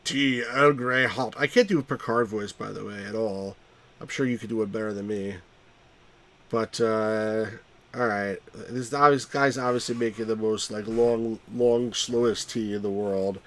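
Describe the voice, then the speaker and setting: A man's voice: on the low side, steady tone, normal speed, a bit bright. A man hosting a live game stream, rambling casually and poking fun at himself while chatting with viewers. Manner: rambling, self-mocking, chuckles often.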